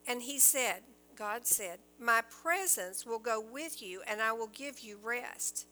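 A woman teaches from the Bible in an earnest sermon, reading passages aloud and then explaining them. Her voice is bright and fairly high, and she speaks slowly, pausing and restarting now and then. A faint hum sits under the recording. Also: poor audio.

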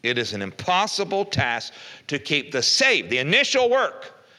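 A man's voice: fairly high pitch, huge pitch swings, normal speed, bright, forceful tone. An older man preaching a folksy evening sermon, reading scripture aloud and asking rhetorical questions. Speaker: pastor.

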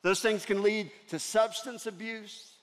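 High-voiced man preaching in a hall. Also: steady tone, measured pace. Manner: earnest, swings from loud to hushed. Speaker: pastor. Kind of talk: sermon storytelling. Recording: long reverb of a large hall.

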